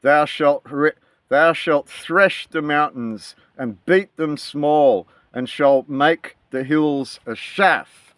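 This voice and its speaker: A man's voice: on the high side, takes it slowly, fairly bright tone, smooth, no echo. A man giving preachy, emphatic commentary on scripture. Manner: preachy, emphatic, reads verses aloud. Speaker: online preacher.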